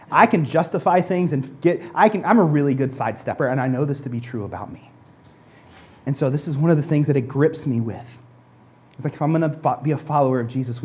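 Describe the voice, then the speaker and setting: A pastor delivering a sermon in a relaxed, conversational way, with a voice that sits in a middle pitch. The speech often stumbles into restarts and doubled words. Now and then the pastor slips into mock voices to act out the excuses people make.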